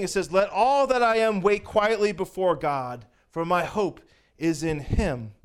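High-voiced man preaching a sermon. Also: smooth. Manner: animated preaching that swings from loud to hushed, with chuckles. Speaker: pastor.

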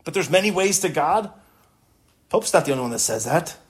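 A man's voice: on the high side, animated, a little fast. A man preaching a sermon, emphatic and impassioned, repeating words for stress and swelling when he quotes scripture. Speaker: pastor.

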